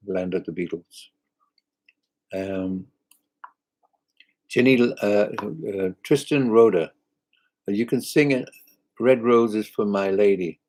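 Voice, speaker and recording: Older man, low-ish voice, casual live chat, reading viewer comments, halting, rambling, lots of "you know", occasional chuckle. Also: vocal fry, darkish tone, low-quality recording. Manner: chuckles often. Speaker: singer hosting a live chat.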